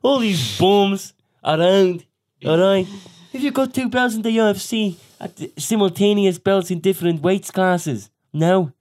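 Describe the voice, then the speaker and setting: A man doing a while playing a loud, cocky male fighter who swaggers and taunts. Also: high voice, a little slow, pitched above the performer's own voice. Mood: cocky boasting. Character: brash boastful Irish male fighter, cocky.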